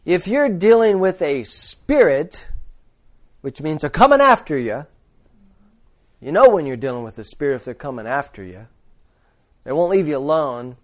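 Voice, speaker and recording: A man's voice: a little high, very animated, moderate pace, pauses often. A man preaching in a casual way, telling a long rambling anecdote with frequent chuckles and blunt asides. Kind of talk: informal storytelling sermon.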